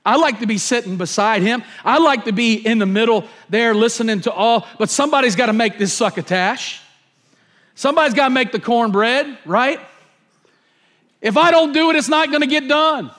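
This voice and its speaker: A harried woman left with all the work, wistful one moment and exasperated the next, as a preacher puts her on. The voice is high, and it drops lower when she complains. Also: moderate pace, fairly bright tone. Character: busy, fed-up woman complaining she works alone.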